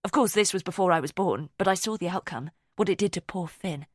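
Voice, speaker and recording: A woman's voice: lowish voice, a little fast, breathy edge, no room sound, clean studio sound. A woman reading an audiobook, voicing a brittle, defensive young woman. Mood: guarded.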